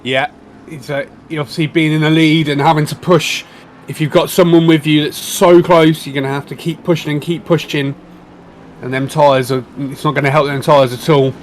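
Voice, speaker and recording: A man as co-commentator on a sim race, giving relaxed, conversational analysis. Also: fairly high pitch, moderate pace, slight background noise.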